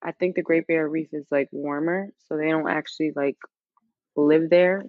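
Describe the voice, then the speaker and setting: A woman from New York with a New York accent, a podcast guest chatting casually and relaxed, filling her speech with "like". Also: deep voice, moderate pace, dry recording. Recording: dull, dry, muffled sound.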